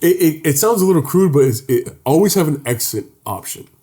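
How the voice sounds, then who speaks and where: A young man co-hosts a comedy podcast, joking around and telling mock-serious stories with a deadpan delivery in casual chat. His voice is on the high side, brisk, with a breathy edge.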